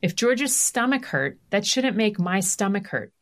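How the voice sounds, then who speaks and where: A middle-aged woman, a guest author, telling family stories in an animated, confessional way full of asides and self-deprecating jokes. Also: mid-range voice, moderate pace. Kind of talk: candid conversational storytelling.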